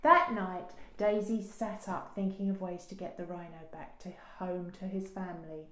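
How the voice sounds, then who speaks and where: A woman librarian reading a children's picture book aloud with slow, expressive storytelling. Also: on the low side. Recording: roomy echo.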